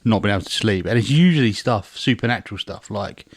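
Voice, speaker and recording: A man's voice: lowish voice, expressive, quick pace, no echo, studio quality. A man co-hosting a comedy podcast, rambling and joking about his fears. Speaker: podcast co-host. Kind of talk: casual comedic chat.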